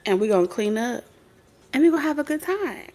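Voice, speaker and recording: A spirit medium and tarot reader, an adult woman with several children, delivers a casual, preachy monologue in a fairly high, animated voice. She speaks fairly quickly with a slightly mellow tone, telling streetwise stories bluntly and with plenty of profanity.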